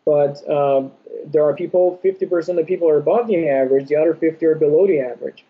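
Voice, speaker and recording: A young adult man appears as an orthodontist guest on a podcast, answering interview questions in a measured, explanatory way with frequent pauses. His voice is a little high and slightly rough, and the audio is dull and lo-fi.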